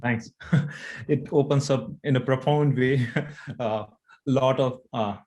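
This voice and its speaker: A man taking part in an online session, asking a question in a hesitant, halting way. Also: medium pitch, steady tone, darkish tone.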